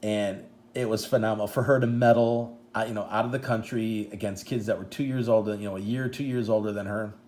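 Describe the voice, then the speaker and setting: A man's voice: on the low side, steady tone, brisk, few pauses, a little mellow. A middle-aged man with a Midwestern American accent, chatting as a vlog host, rambling and stumbling with emotion. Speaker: channel host and proud dad. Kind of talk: casual chat showing photos.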